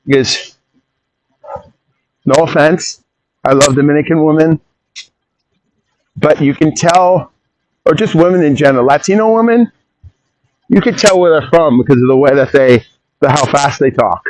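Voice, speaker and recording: A man hosting a podcast in a casual rambling monologue, opinionated and quick to jump off on tangents and interrupt himself. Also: fairly high pitch, darkish tone, slight background noise, low-quality recording. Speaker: podcast host.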